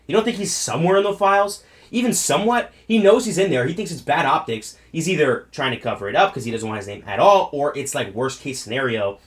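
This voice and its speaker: A man's voice: fairly high pitch, fairly bright tone. A man commenting on the news in a blunt, rambling style, with profanity and asides. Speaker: political commentator. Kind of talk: commentary video.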